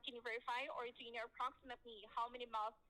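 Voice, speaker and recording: A woman's voice: a little high, little pitch movement, very fast, bright, forceful tone, low-quality recording. A woman telemarketer making a polite, scripted sales call over the phone.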